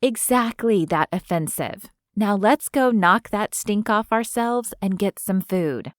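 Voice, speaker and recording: Friendly wry young southern gal, read by a woman, mid-pitched, dry recording. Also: unhurried, no echo, close to an everyday voice.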